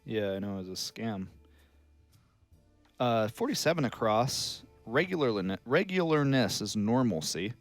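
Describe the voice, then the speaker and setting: A man co-hosts a podcast, rambling through his thoughts and getting defensive when teased. His middle-pitched voice moves with lively ups and downs. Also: measured pace, soft background music. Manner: rambling, defensive, hesitant restarts. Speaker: podcast co-host. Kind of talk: casual comedic banter.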